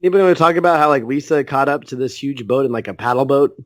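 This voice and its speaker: A man's voice: medium pitch, racing, no room sound. A man co-hosting a podcast who chats casually and throws in sarcastic, jokey asides. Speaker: podcast co-host.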